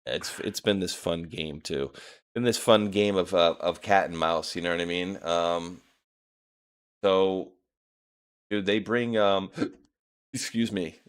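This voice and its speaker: A young man with a New England accent, rambling through a loose casual chat. His voice sits a little low, and he laughs often and restarts his sentences. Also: slow, pauses often, clean tone. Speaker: podcast host.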